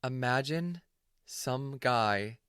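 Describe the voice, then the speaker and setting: A man's voice: mid-range voice, lively intonation, very slow, a bit bright, smooth, no echo, studio quality. A man hosting a podcast in a casual chat, playful and self-mocking as he teases his guest. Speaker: podcast host.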